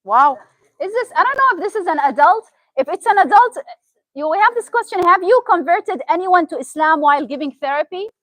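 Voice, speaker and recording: A woman's voice: very high voice, expressive, fairly quick, fairly bright tone, dry recording, low-quality recording. A woman from Syria with a Syrian Arabic accent, a therapist giving a chatty talk and often asking the audience questions. Arabic is her first language. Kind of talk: interactive motivational talk.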